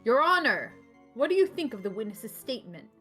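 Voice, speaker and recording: A haughty, cool-headed prosecutor, as a woman reads him, measured and composed with a touch of smugness. Her voice stays close to her own, at a middle pitch. The delivery has a lively rise and fall through the lines. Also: husky, faint music behind, full character voice. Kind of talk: reading game dialogue aloud.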